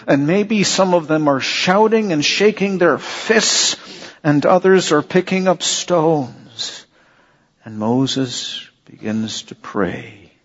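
A man preaching an earnest sermon, with a voice pitched a little high and a husky edge. He speaks slowly and leans on repeated phrases and rhetorical questions. The recording is dull and lo-fi. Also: lively intonation, big-room sound.

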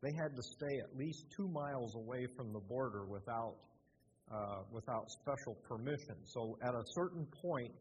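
An older man preaching in a church, halting with many fillers and restarts. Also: mid-range voice, animated, slight background noise. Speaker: lay preacher. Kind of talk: sermon. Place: church sanctuary. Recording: muffled, with a long hall echo.

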